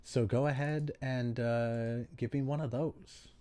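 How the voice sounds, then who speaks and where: A man narrating a tabletop game as game master, with many pauses and restarts. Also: medium pitch, fairly even intonation, mellow, clean tone, no echo. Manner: hesitant, many ums and restarts.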